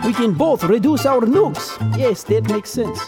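A man doing a sardonic, mock-polite Russia in a thick put-on Russian accent, sung as a comic tune. The melody swoops widely while guitar and mandolin play clearly behind. The tone is a mix of hurt pride and sarcasm. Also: very high-pitched, animated, a little slow, pitched above the performer's own voice, full character voice. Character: Russia personified as a proud, touchy male singer. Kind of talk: comic satirical song.

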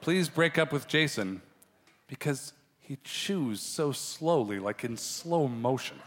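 A man hosting a live improv game show, brisk, dry and teasing. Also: medium pitch, lively intonation. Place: theater stage before an audience. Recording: live stage with long reverb, crowd and noise.

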